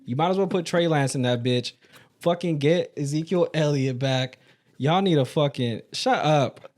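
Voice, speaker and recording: A man's voice: on the high side, normal speed, a little mellow. A man co-hosting a casual sports podcast, ranting emphatically and swearing freely about football teams. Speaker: podcast co-host.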